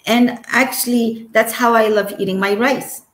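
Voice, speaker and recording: A woman from Egypt in her forties, telling her personal near-death story as an interview guest, earnest and searching, with quick giggles and restarts. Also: fairly high pitch, fairly even intonation, a bit bright, echoey room, poor audio. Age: 40s. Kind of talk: emotional personal testimony.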